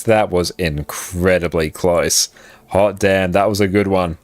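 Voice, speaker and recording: A man's voice: low-pitched, steady tone, measured pace, no echo. An Australian man chatting casually on a live game stream, upbeat and laughing easily as he thanks viewers. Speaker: livestream gamer.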